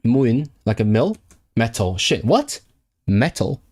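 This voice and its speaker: A man's voice: mid-range voice, big pitch swings, takes it slowly, darkish tone, husky. A man from Hong Kong chatting casually on a live stream while he works through language flashcards, thinking aloud with lots of fillers and restarts. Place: indoors at his computer.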